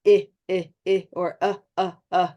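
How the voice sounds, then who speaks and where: A woman leads an online pronunciation class, speaking through a video call mic. She praises her students warmly and stretches out vowel sounds so they can copy them. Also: lowish voice, level tone. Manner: encouraging, models vowel sounds slowly. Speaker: pronunciation teacher.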